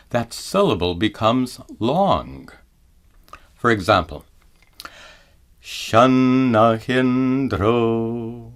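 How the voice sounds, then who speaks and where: Slow, deliberate man teaching chant. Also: lowish voice, fairly bright tone. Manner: slow and deliberate, chants examples in drawn-out tones. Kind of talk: measured scripted lesson.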